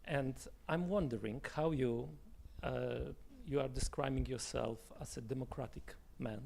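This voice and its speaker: A man's voice: mid-range voice, a little slow, gravelly, a little mellow. A man from Poland whose first language is Polish, asking a long question in English from the audience and stumbling as he searches for words.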